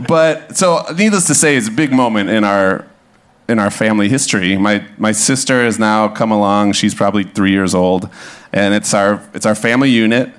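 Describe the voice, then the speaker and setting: A man in his thirties from Minnesota tells an animated comic story live on stage, laughing and acting out the quotes. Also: on the low side, normal speed, clear, resonant tone. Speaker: guest storyteller. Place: club stage before a live audience.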